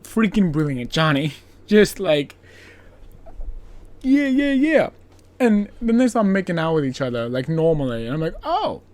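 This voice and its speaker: Podcast host, casual film recap, lots of "like" fillers, playful sarcasm, medium pitch. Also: big pitch swings, a little slow, long pauses, darkish tone. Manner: chatty and rambling, heavy on filler words; playfully sarcastic, laughs at own jokes.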